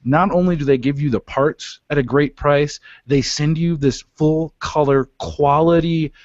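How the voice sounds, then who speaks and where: A man's voice: a little high, steady tone, a little slow, a little mellow, no echo. A male radio host talking casually, joking and rambling with lots of fillers and restarts in a studio. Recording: dull, dry studio sound.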